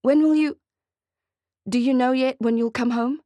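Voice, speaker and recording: A woman's voice: high-pitched, fairly even intonation, normal speed, warm tone, no room sound, voice pushed up, natural voice. A woman reading the part of a tearful, desperate woman, emotional and pleading.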